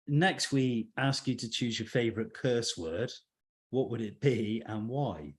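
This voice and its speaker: A man's voice: mid-range voice, a little slow, breathy edge. Man hosting an interview. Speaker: podcast host. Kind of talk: interview questions.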